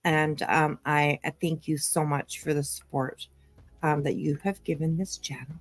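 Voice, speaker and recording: A woman's voice: deep voice, little pitch movement, moderate pace, no room sound. A woman hosting a casual live-stream commentary, chatty and sarcastic, thanking viewers by name. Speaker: commentary channel host. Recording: dry close mic, faint music.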